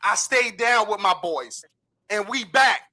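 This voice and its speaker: A man's voice: high voice, animated, measured pace, bright, forceful tone. A man hosting a podcast in casual, profane chat, hyped up as a sports fan. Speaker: podcast host.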